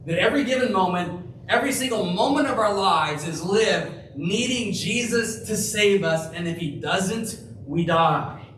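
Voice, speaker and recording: A man preaches in a high voice at an unhurried pace, leaning on each phrase and dropping to a near-whisper for emphasis. He is heard from a distance in a reverberant church sanctuary, with a faint hum of room noise behind him. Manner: slow, emphatic preaching with dramatic drops to a hush. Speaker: pastor. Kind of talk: sermon.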